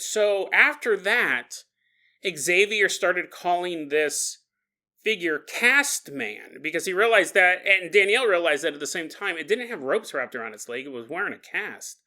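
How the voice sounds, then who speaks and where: Guy hosting a spooky podcast, bright voice, laughs a lot, super animated. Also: sits high, unhurried. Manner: animated, laughs often, jumps into kid voices. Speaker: podcast host. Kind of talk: casual storytelling monologue.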